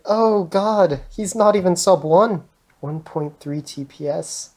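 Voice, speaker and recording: A woman hosting a cubing video, giving nervous, excitable running commentary with frequent swearing and laughter. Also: fairly low pitch, a little slow. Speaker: speedcubing channel host. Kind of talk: casual vlog commentary while playing. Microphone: GoPro camera.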